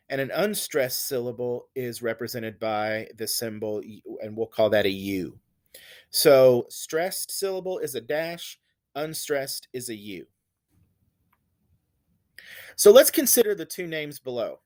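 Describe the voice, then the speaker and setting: A man teaching a lesson on poetry, explaining stress and rhythm patiently and repeating examples with exaggerated emphasis. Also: medium pitch. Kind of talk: recorded lecture on poetry.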